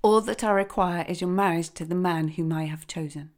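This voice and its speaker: A woman's voice: lowish voice, fairly quick, darkish tone, lightly acted. A woman playing a stern, furious old king. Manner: commanding, rising to fury. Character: stern old male king, angry father.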